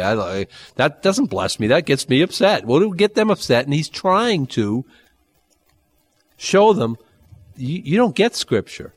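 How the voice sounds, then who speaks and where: A man preaching a Bible-teaching sermon, conversational and animated, with dry humor and sudden jumps in pitch. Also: normal speed, no room sound. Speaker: pastor.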